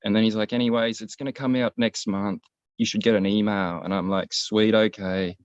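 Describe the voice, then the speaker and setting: A man's voice: fairly low pitch, steady tone, fairly quick, darkish tone, no room sound. A man, co-hosting a casual show and telling a long, rambling, profane story. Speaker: podcast co-host. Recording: dull, lo-fi, dry sound.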